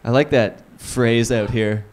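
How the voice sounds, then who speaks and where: A man from Canada performs stand-up in a small comedy club. His voice sits at a middling pitch, and he rambles through crude bits. Now and then he breaks into silly put-on voices. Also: steady tone, takes it slowly, darkish tone, slight background noise. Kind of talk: live stand-up set.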